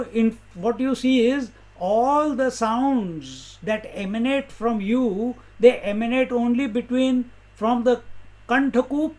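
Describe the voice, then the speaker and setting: A man teaches scripture in a relaxed discourse. His voice sits high, and he takes his time, pausing and posing questions to his listeners before answering them. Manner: slow, unhurried teaching with rhetorical questions and soft laughs. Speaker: spiritual teacher.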